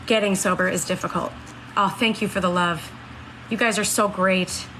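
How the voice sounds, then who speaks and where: Bright-voiced woman in her thirties. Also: mid-range voice, fairly even intonation, moderate pace, a little hiss or hum, rough recording. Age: 30s. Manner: earnest, reads and answers comments. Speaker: live-streamer. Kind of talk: casual live-stream chat.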